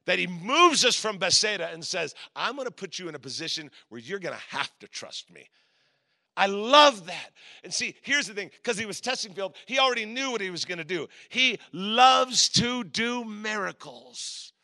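A middle-aged guest preacher from Southern California tells a personal story in his sermon, giving lively voices to the people in it. His voice sits high and his delivery is brisk.

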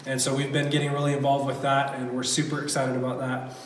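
A man's voice: medium pitch, completely flat delivery, quick pace, slight background noise. A man giving a campus report to a church, casual and enthusiastic with frequent fillers. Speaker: campus pastor. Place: church hall. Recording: echoey room from a distance.

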